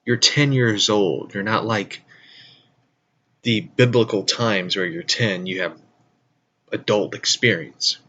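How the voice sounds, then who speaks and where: Rambling, foul-mouthed man with a low voice. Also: slow, long pauses, bright, forceful tone, breathy edge, muffled recording. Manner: loose, profane and rambling, with frequent restarts and chuckles. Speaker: vlogger. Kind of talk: casual rambling commentary.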